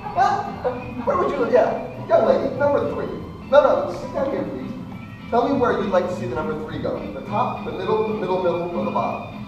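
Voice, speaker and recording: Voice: medium pitch, animated, fairly quick, far from the mic, highs cut off. A stage magician telling a comic story with mock panic and calling up audience volunteers at a live show, recorded from the audience on a camera mic. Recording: echoey hall from afar, music behind.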